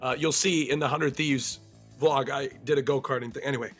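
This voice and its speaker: An American man hosting a streamed interview, energetic and joking, often repeating himself mid-sentence. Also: mid-range voice, fairly quick, soft background music. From United States. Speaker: stream host.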